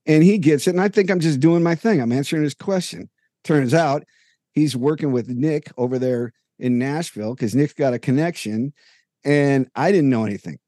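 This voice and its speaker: This man co-hosts a podcast and is partway through a long, detailed anecdote, performing the dialogue as part of the casual chat. He speaks at a moderate pace in a warm, mid-range voice. The studio-quality recording has no room sound, and he sits in a home room with jerseys hanging on the wall.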